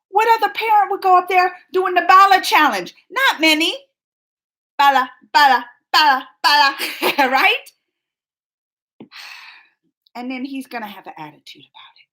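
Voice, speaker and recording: A woman's voice: high-pitched, normal speed. A woman in her forties hosting a live stream, chatting casually and teasingly with viewers as she reads their messages. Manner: animated, teasing, talks straight to chat readers. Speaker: live-stream host reading chat.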